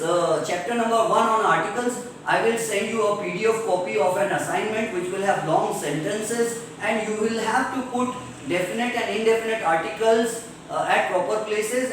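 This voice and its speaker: Indian english teacher guy lecturing grammar, highish voice, very echoey room and far from the mic. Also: a little hiss or hum. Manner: explains slowly, repeats examples several times. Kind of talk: classroom lecture.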